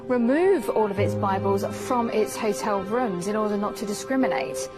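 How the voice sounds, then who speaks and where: A woman's voice: mid-range voice, normal speed. A woman reading a news report steadily. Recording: speech over loud music.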